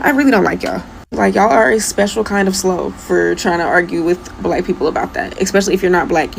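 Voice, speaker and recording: A woman's voice: medium pitch, gravelly, a little hiss or hum, poor audio. A woman from the United States delivering a heated, emphatic rant, repeating her points for force. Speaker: commentator. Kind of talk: heated social media rant.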